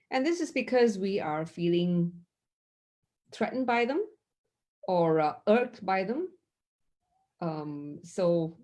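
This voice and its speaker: Mindfulness teacher, woman, middle-aged; unhurried, soft instructive delivery for a live online class. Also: on the low side. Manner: slow, gentle, instructive. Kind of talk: guided mindfulness session.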